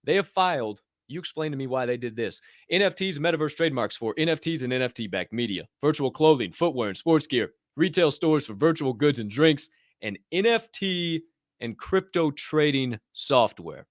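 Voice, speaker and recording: A man hosting a podcast, running through news in an animated, joking way, swearing and ranting as he goes. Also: a little high, normal speed, dry recording, studio quality. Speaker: podcast host. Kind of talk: energetic news rundown.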